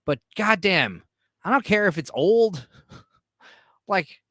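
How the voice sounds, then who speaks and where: Male podcast host: casual, rambling, profane, animated pitch, dry close-mic sound. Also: takes it slowly, no echo. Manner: rambling and irreverent, with frequent swearing and fillers.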